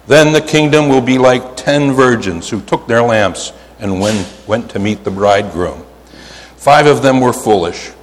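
Male preacher, Pennsylvania accent, animated and emphatic, long reverb of a big hall. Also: mid-range voice. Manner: animated storytelling, drawn-out emphatic words, frequent "right?". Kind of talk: sermon. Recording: hall reverb, faint ambience.

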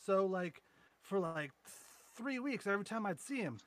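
A man's voice: high voice, lively intonation, normal speed, fairly bright tone. A man co-hosting a podcast, telling profane, rambling anecdotes and mocking his friends in casual banter. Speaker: podcast co-host.

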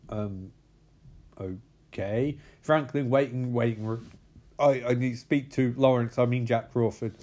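Man, mellow voice, casual rambling recap, profane, quick character voices. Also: mid-range voice.

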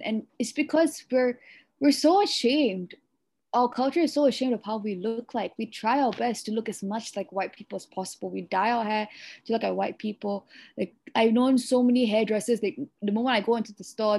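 A woman's voice: a little high, brisk, creaky, darkish tone. A young woman from Malaysia with a Eurasian-tinged accent, talking earnestly on a casual podcast, with lots of "you know"s. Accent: Malaysian English, Eurasian. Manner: earnest, talks in long runs with many "you know"s. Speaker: podcast host.

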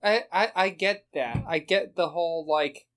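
A man with a slightly high voice rambles through a casual group chat about running tabletop games. He laughs often and circles back on his own words. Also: lively intonation, unhurried, a bit bright. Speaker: podcast co-host, dungeon master.

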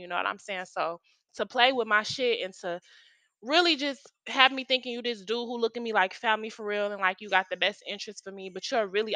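A woman's voice: mid-range voice, sharp tone, no echo. Heated, profane young woman host. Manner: blunt, heated and profane, talking straight to listeners. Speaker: podcast host. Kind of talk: casual story time.

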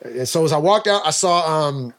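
A man talking as a podcast guest, telling a long story in slangy, rapid speech with many restarts. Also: fairly high pitch, lively intonation. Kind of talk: conversational storytelling.

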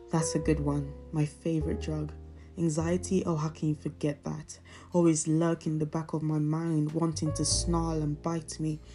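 Low-voiced woman reading poetry over guitar. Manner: intense, emotional recitation. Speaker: poetry podcast host. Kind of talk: spoken word poetry reading. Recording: music playing behind.

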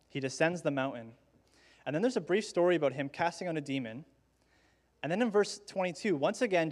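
Conversational man preaching a sermon. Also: fairly high pitch. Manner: conversational preaching with dramatic pauses, acts out quoted dialogue. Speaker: pastor.

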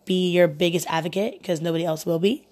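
A woman's voice: fairly low pitch, fairly quick, a little mellow. A young adult woman talking casually as a life coach, chatty and rambling with asides. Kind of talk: casual monologue.

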